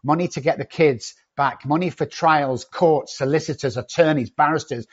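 A cocky, loud-mouthed man who swears freely and doesn't soften anything. His voice is husky, and the recording is a little dull and lo-fi. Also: fairly high pitch, normal speed. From not from England. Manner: profane, cocky and confrontational. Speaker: addiction treatment company owner. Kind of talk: blunt podcast conversation.

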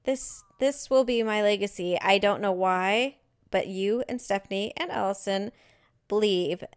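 A woman's voice: mid-range voice, unhurried, clear, resonant tone. A middle-aged woman co-hosting a casual chat, ranting bluntly and sarcastically. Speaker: podcast co-host.

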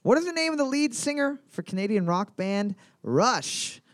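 A man's voice: extremely high pitch, very animated, normal speed, dry recording, clean studio sound. A man hosting a live trivia night, reading out questions twice and joking with profanity. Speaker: trivia quiz host.

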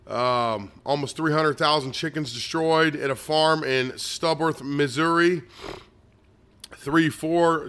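A man's voice: on the high side, fairly bright tone, clear, resonant tone. A man reading a long list of dates and places from his own notes, hurrying and tripping over words with fillers and restarts. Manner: reads fast with stumbles, restarts and fillers.

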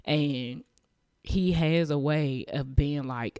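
A woman in her thirties hosting a podcast, talking earnestly and emotionally, with halting restarts and repeated phrases. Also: low-pitched, darkish tone, smooth, dry recording, studio quality. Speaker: podcast host. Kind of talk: heartfelt faith-based podcast monologue.

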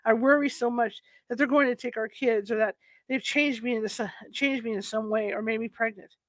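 An anxious young mother pleads in earnest, her voice sitting somewhat high, as a woman narrator reads her. The audiobook reading is close and dry, with no room sound. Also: fairly even intonation, fairly quick, no room sound, natural voice.

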